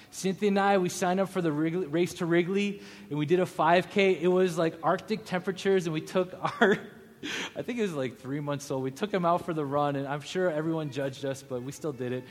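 A man in his thirties preaching a sermon, telling a personal story with animated, acted-out quotes. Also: on the high side, brisk, big-room sound. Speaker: pastor.

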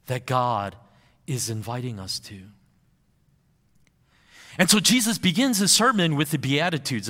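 A man, a pastor, preaching a sermon, who slows right down and draws out key phrases for emphasis. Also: a little high, a bit bright, in a large hall.

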